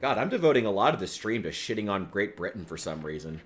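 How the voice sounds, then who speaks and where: Man, from the United States, low voice, casual gaming stream chat, rambling, profane, faint music behind. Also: sing-song, fast. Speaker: game streamer.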